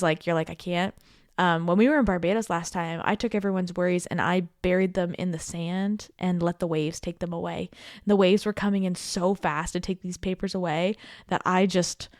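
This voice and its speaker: A woman's voice: on the low side, no room sound, clean studio sound. A woman in her thirties hosting a casual podcast as a coach, encouraging and chatty, often checking in with "okay?" and "right?". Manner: chatty with laughs and asides. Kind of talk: casual heartfelt podcast talk.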